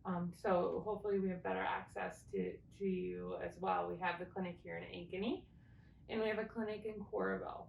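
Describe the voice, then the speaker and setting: A woman's voice: level tone, fairly quick, gravelly, muffled recording. A woman co-hosting a casual panel talk, matter-of-fact in how she speaks. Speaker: co-host. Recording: echoey room, distant mic, faint rumble.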